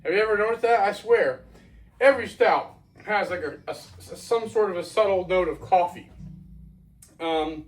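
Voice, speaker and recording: A man's voice: high voice, moderate pace, distant mic, rough recording. A man from Florida, casually reviewing a beer outdoors at night in a rambling, folksy way.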